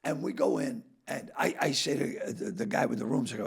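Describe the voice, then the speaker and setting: A man's voice: medium pitch, brisk, vocal fry, slightly rough. A man with a Boston accent, a comedian guest telling brash, profane stories in a casual podcast chat. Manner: brash, profane storyteller who acts out quotes.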